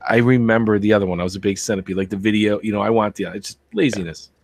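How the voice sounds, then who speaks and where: Low-voiced man telling a story. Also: fairly even intonation, rapid-fire, dry recording. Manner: rambling storyteller, quotes people. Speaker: podcast co-host. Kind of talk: casual chat.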